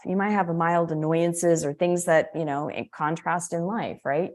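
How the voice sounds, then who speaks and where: A woman's voice: lowish voice, a little mellow. Woman coaching on spiritual laws. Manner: conversational, self-correcting, with asides. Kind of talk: teaching talk on spiritual laws.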